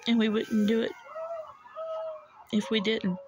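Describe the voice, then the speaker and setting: A woman's voice: a little high, little pitch movement, takes it slowly, noisy background. A woman, holding back tears as she earnestly pleads with viewers to be saved, repeating herself. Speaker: self-described watchwoman. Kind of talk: urgent religious warning to camera.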